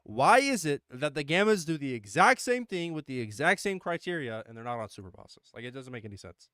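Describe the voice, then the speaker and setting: A man's voice: on the high side, sing-song, a little fast, bright, forceful tone, no echo, studio quality. A man hosting a livestream, chatting casually and animatedly about a mobile game, swearing and laughing often. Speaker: livestream host. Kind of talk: casual gaming chat.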